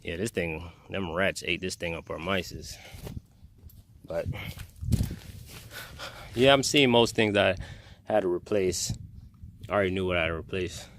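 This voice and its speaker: A man's voice: low voice, a little slow, pauses often, a bit bright, slight background noise. A man casually walking through a car restoration project in a garage vlog, talking in a plainspoken, rambling way. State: out of breath. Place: home garage workshop.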